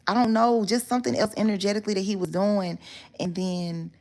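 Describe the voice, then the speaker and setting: A woman's voice: mid-range voice, steady tone, fairly quick, darkish tone. A woman talking straight to her viewers in a casual story time monologue, candid and rambling, with plenty of swearing. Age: adult. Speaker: vlogger telling a story.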